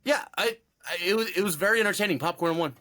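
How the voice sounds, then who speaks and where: A man's voice: high voice, very fast, bright, forceful tone. A man co-hosting a podcast, talking casually about a movie in a rambling way, full of fillers. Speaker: podcast co-host. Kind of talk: casual movie review chat.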